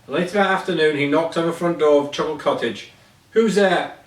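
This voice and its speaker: A man's voice: fairly high pitch, fast. Man reading a children's story aloud, stumbling and correcting himself, heard from a distance in an echoey room. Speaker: reader. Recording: echoey room, voice away from mic.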